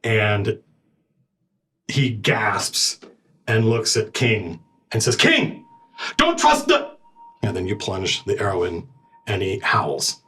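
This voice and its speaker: A man's voice: on the low side, steady tone, slow pace, pauses often, fairly bright tone. A man running a tabletop game as game master, describing scenes vividly and speaking for his characters.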